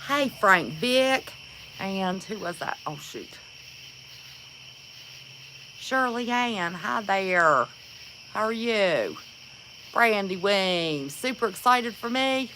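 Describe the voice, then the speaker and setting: A woman hosts a laid-back livestream and greets each viewer in turn. She talks at an unhurried pace in a bright, clear voice. She is friendly and chatty, and she calls people honey. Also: mid-range voice, lively intonation, a little hiss or hum, poor audio. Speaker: livestream host. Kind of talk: casual livestream chat.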